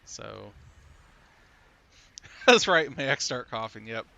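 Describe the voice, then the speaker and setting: Bright-voiced chatty man storyteller. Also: medium pitch, big pitch swings, drawn-out words, gravelly. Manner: chatty storyteller, chuckles often, many fillers. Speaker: podcast co-host. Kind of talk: casual chat on a live game stream.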